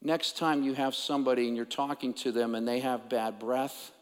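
A man's voice: medium pitch, fairly even intonation, moderate pace. A man preaching a sermon as a pastor, conversational and then emphatic, sometimes dropping to a whisper. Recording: long hall reverb.

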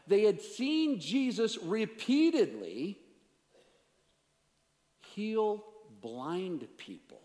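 A male pastor preaching with a fairly high voice, dropping to near-whispers and then rising to forceful emphasis. He jokes easily with the people he calls up front. His words ring out with the long reverb of a large church hall. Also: sing-song, very slow, pauses often. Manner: dramatic, swings from hushed asides to raised emphasis; playful banter with volunteers. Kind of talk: sermon.

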